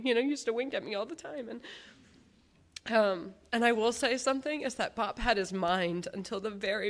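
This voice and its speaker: A woman speaking as a granddaughter at a memorial service, telling personal stories about her grandfather in a heartfelt, halting way. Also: on the high side. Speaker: granddaughter giving a eulogy. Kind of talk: memorial tribute speech.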